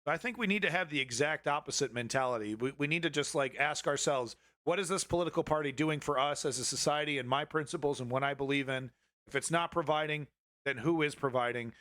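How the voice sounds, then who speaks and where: A man's voice: fairly high pitch, fast, bright, forceful tone, dry recording, studio quality. A man hosting a live political commentary stream, ranting heatedly and swearing at his chat.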